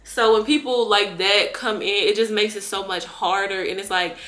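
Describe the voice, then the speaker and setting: A woman's voice: medium pitch, fairly even intonation, moderate pace, fairly bright tone. A young woman ranting in a vlog about scamming customers, blunt, heated and profane with lots of slang. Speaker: vlogger and delivery shopper.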